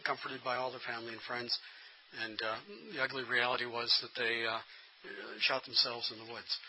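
A man's voice: mid-range voice, sharp tone, a little hiss or hum, rough recording. A middle-aged man giving a workshop lecture to pastors, earnest and plain-spoken, often restarting his sentences. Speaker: instructor training pastors.

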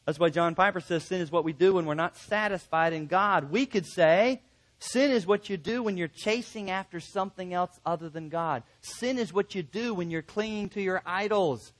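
A man's voice: high voice, moderate pace, poor audio. A middle-aged male pastor preaching a sermon in an earnest, emphatic way, acting out bits of conversation.

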